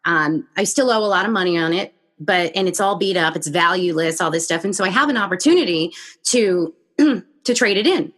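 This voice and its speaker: A woman hosting a podcast interview, telling a story in a lively conversational way and acting out her own reactions. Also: fairly low pitch, brisk. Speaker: podcast host.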